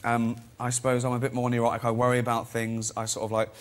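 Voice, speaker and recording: A man chatting as a talk show guest. He tells self-mocking stories and drops into quick voices for the people in them. His pitch sits in the middle for a man. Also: completely flat delivery. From England. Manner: self-deprecating anecdotal storyteller, acts out voices. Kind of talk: chat show interview.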